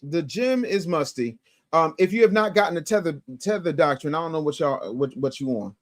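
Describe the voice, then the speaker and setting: Lively animated male show host. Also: fairly high pitch, fairly quick. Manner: animated, mocking, loud bursts, stammering restarts. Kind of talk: live commentary show reacting to clips.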